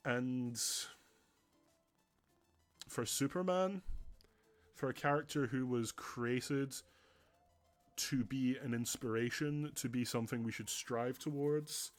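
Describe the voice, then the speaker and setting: A man's voice: medium pitch, takes it slowly, pauses often, faint music behind. Earnest rambling male streamer. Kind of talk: just chatting stream.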